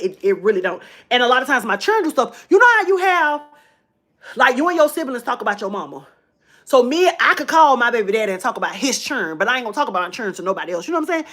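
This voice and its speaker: A woman's voice: fairly high pitch, fairly bright tone. Emotional chatty woman. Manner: chatty, emotional, addresses viewers as y'all. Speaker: vlogger. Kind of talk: casual personal storytelling to viewers.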